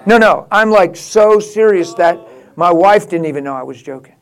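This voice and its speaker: A man's voice: high voice, normal speed. A middle-aged man preaching, telling a funny story with frequent laughter. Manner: laughing, animated anecdote telling. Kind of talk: sermon storytelling.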